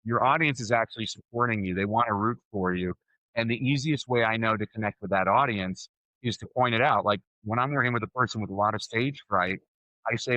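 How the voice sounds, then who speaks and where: A middle-aged man, a speaking coach, telling stories energetically as a podcast guest, his voice jumping up in pitch. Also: quick pace, dry recording. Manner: energetic storyteller with sudden jumps in pitch. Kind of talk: podcast interview answers.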